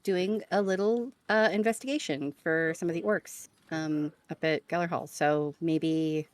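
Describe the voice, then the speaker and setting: A woman's voice: low voice, steady tone, unhurried, dry recording. A woman playing a tabletop role-playing game, cheerful and playful. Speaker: player.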